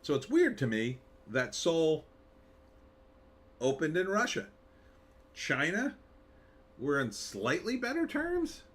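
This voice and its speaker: A man's voice: fairly high pitch, a bit bright. A man hosting a live commentary show, talking in a sarcastic, rambling way with wry asides. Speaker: show host.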